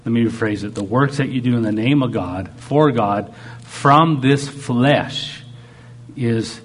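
A man's voice: mid-range voice, slight background noise. A man preaching a sermon. He talks animatedly and acts out God speaking in short quoted lines. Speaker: pastor.

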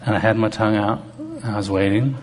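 A man's voice: fairly low pitch, steady tone, fast talker, noisy background. A man preaching to a congregation, telling stories from his own life in a conversational, humorous way. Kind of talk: testimony-style sermon.

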